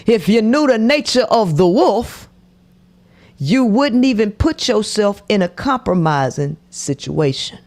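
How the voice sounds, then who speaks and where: A woman's voice: mid-range voice, animated, measured pace, darkish tone. A woman commentating on a podcast clip in a preachy way, repeating her points and often dropping to a whisper. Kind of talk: reaction commentary.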